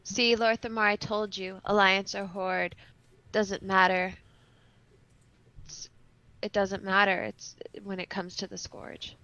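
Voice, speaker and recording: Woman playing a tense adventurer, bright, forceful tone. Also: medium pitch, flat delivery, takes it slowly, long pauses, dry recording, muffled recording. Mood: earnest.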